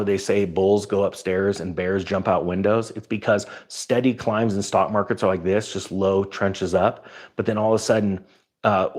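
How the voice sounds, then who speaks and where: Guy with a low husky voice ranting about markets, storytelling, gets worked up. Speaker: finance channel host. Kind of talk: casual commentary to camera.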